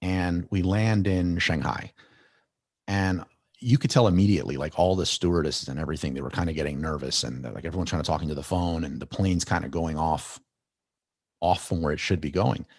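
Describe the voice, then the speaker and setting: Male podcast guest, very low and husky, loose animated storytelling. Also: a little fast, no room sound, studio quality. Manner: rambling, animated storyteller with many restarts. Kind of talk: casual storytelling.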